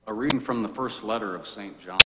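A man's voice: lowish voice, heavy background noise. Man reading scripture in an echoing church. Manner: measured, deliberate proclaiming. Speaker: lector. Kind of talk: reading scripture aloud at Mass. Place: large church. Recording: echoey church with long reverb.

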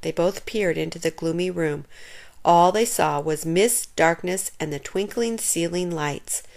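A woman reads a children's chapter book aloud. She tells the story expressively. Her voice sits a little on the low side. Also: measured pace, creaky, a little mellow.

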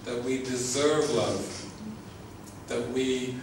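In an echoey recording from a distant mic, with noise in the background, a man teaches a relaxed spiritual talk slowly in a mid-range voice. He comes across as sincere, laughs frequently, and repeats his words.

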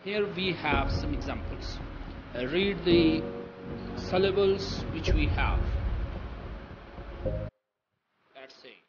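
A man teaching a recorded language lecture, explaining step by step in a deliberate, repetitive way with many pauses. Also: a little high, expressive, background noise. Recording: dull lo-fi audio with loud music.

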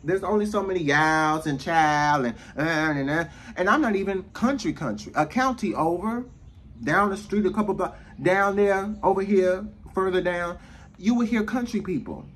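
A man's voice: high-pitched, normal speed, fairly bright tone, a little hiss or hum. A man with an American accent delivering a profane, sassy rant to camera, slipping into mocking voices. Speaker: vlogger. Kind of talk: ranting monologue.

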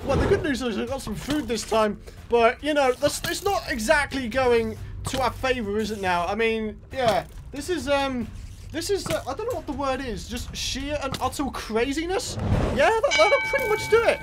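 Excitable gamer with a high voice. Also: normal speed, over music, rough recording. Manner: excitable, jokey, loud outbursts. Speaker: let's play gamer. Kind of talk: gameplay commentary.

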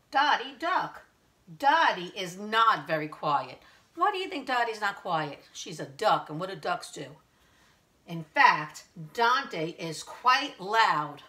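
A woman preschool teacher reading a picture book aloud to young children in slow, sing-song teacher talk, asking them questions. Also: medium pitch, pushed and bright.

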